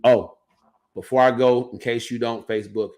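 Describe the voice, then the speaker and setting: A man's voice: medium pitch, fairly even intonation, moderate pace, darkish tone. A man hosting a casual livestream, commenting loosely and restarting his sentences as he goes. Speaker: livestream host and coach.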